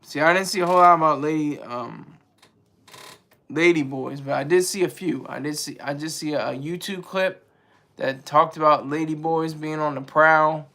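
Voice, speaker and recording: Male streamer, casual joking commentary to chat, fairly high and raspy. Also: moderate pace, pushed and bright. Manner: rambling, joking, reads chat aloud. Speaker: livestream host.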